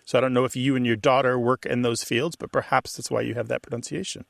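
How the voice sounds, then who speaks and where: Gravelly-voiced male radio host explaining words. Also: medium pitch, little pitch movement, fast talker, no room sound, clean studio sound. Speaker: radio co-host, language expert. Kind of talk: radio talk show explaining.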